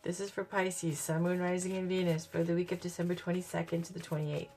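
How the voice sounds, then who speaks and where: A woman with a cold and a hoarse voice, giving a chatty, upbeat tarot reading. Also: fairly low pitch, little pitch movement, fairly quick, darkish tone, faint music behind. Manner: chatty, upbeat, thinks aloud. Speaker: tarot reader.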